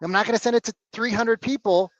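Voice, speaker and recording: A man coaching salespeople live on a video call, blunt and animated, swearing casually. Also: sits high, fast talker, no echo, muffled recording.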